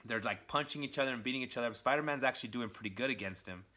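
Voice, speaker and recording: A man recapping a comic book in a casual vlog, excitable and chatty, with a lot of "like". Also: medium pitch, very fast. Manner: excitable, chatty retelling full of "like".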